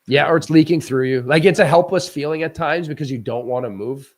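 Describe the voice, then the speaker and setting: Animated rambling ex-goalie man. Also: a little high, fairly quick. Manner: animated, rambling with restarts and laughs. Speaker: former goaltender, guest analyst. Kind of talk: casual post-game chat.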